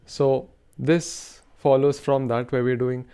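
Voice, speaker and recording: A man's voice: medium pitch, flat delivery, slow pace, mellow, smooth. A man hosting a rhythm lesson, carefully explaining and reciting rhythm syllables in time. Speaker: rhythm teacher, show host.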